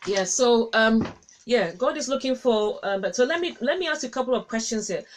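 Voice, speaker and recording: A woman's voice: a little high, expressive, fairly quick, slight background noise. A woman hosting a casual Christian livestream, chatting with viewers, reading their comments aloud and laughing often. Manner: warm, chatty, laughs often, repeats herself. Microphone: webcam or phone with a cable.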